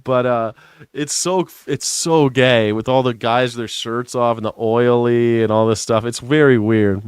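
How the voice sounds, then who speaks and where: A man's voice: mid-range voice, fairly even intonation, measured pace, clean tone, dry recording, studio quality. A man hosting a casual news commentary show, rambling and profane, who laughs at his own jokes. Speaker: host.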